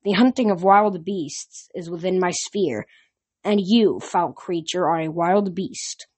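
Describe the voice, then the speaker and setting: A stern young goddess of the hunt speaks slowly and formally, voiced by a woman reading the story. She sounds calm and cold, a little lower and quieter than the narrator's own voice. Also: slightly rough. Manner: slow, measured and formal.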